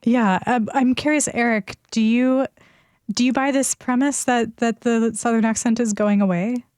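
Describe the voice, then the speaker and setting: A woman's voice: on the high side, steady tone, normal speed, darkish tone, no room sound, studio quality. A woman hosting a public radio talk show, introducing guests and asking questions. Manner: clear, conversational.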